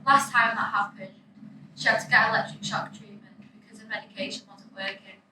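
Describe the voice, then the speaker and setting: A young woman tells her story in the first person, anxious and breathless. Her voice is high and bright. The recording is very echoey and distant, with a faint hiss behind it. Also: brisk. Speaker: narrator. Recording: echoey room, distant mic, faint noise.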